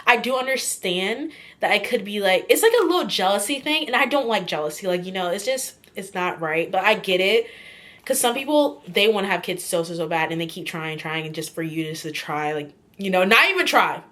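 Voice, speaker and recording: A woman's voice: mid-range voice, lively intonation, brisk, a bit bright. A woman vlogging casually about a book she is reading. She rambles, fills her talk with "like" and "kinda", and gushes openly. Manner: chatty and gushing. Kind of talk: casual chat.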